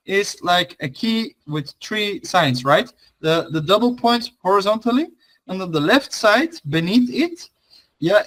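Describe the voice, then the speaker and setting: A man's voice: high-pitched, fairly bright tone, poor audio. Chatty young man teaching an online class. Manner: chatty, loose, frequent fillers and restarts. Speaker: language teacher.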